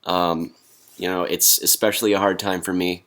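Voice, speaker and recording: Deep-voiced deadpan young man. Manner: deadpan, halting with fillers. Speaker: comedy vlogger. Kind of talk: deadpan comedy monologue.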